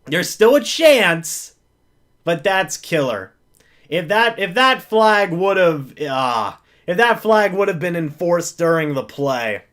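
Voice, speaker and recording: A man's voice: high-pitched, sing-song, takes it slowly, a bit bright. A man calling a football game live as a fan, narrating each play and then pleading with the referees and groaning at the calls.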